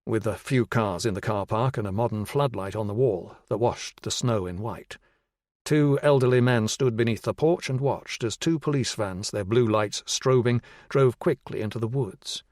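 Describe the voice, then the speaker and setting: A man narrating a thriller audiobook in a measured, even manner on a close studio mic. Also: fairly low pitch, no room sound. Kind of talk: scripted narration.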